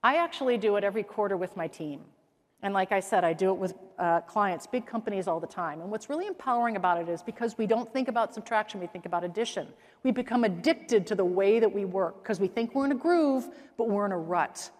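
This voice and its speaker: A woman's voice: mid-range voice, quick pace. A middle-aged woman from the Midwest delivers a conference keynote, telling stories with energy and playing the people in them. Her voice sits in a middle range for a woman. The sound carries the long reverb of a big hall. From American Midwest. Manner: lively storytelling, acts out quoted voices. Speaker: keynote speaker. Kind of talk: keynote talk on stage.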